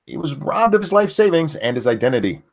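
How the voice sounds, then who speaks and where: A man co-hosting a casual news livestream, talking haltingly with many fillers. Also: fairly high pitch, big pitch swings, gravelly. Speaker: co-host.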